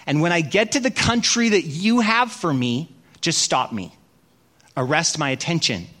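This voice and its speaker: A man's voice: on the high side, lively intonation, normal speed, fairly bright tone. A middle-aged man preaching a sermon, telling stories and acting out his own prayers with self-mocking humour. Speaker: pastor. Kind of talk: sermon with storytelling.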